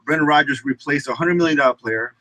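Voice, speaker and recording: A young man guesting on a casual sports radio chat, animated and opinionated. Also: a little high, fast, no echo, low-quality recording. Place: radio studio.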